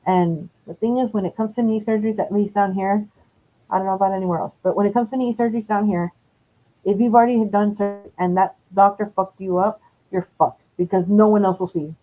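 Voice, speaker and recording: A woman's voice: mid-range voice, fairly even intonation, brisk, mellow, soft background music. Rambling, profane woman. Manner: rambling, profane, self-correcting. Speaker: live streamer. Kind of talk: casual storytelling. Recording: dull lo-fi stream audio.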